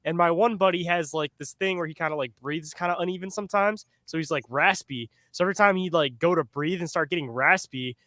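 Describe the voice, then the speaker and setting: A man's voice: on the high side, a little fast, hardly any pauses, sharp tone, dry recording, clean studio sound. A young man hosting a casual podcast chat, laid-back, calling people dude and bro.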